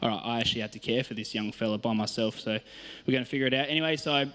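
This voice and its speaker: A man's voice: mid-range voice, rapid-fire, a bit bright, smooth. An Australian man, a youth worker, telling stories in a casual sermon on a church stage, chatty and self-mocking, laughing often.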